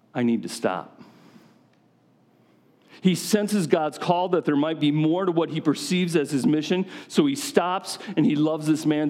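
A man's voice: on the high side, dark tone. A man preaching a sermon to a gathering of men in a conversational style, often putting questions directly to his listeners.

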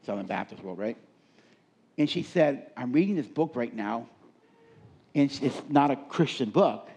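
A man's voice: mid-range voice, animated, measured pace, a little mellow, husky. A middle-aged man speaking at a live leadership seminar, telling stories and asking the audience questions in a conversational way. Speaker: workshop speaker.

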